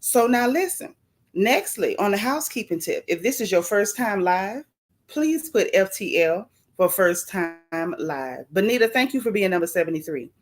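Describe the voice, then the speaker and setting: Woman, gossip livestream host, chatty, animated, playful swoops, mid-range voice. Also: medium pitch, normal speed. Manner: chatty and animated, greets viewers from the chat. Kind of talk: casual live-stream gossip chat.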